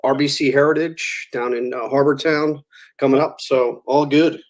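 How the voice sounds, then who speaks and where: A man co-hosting a casual sports talk show as a golf pro, relaxed and a little hesitant. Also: medium pitch, moderate pace. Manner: relaxed, hesitant, many fillers.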